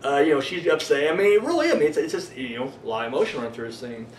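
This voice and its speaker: A man's voice: on the high side, big pitch swings, racing, slight background noise. A man giving a casual, rambling horror movie review, swearing freely and full of fillers. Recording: echoey room, voice a bit far from the mic.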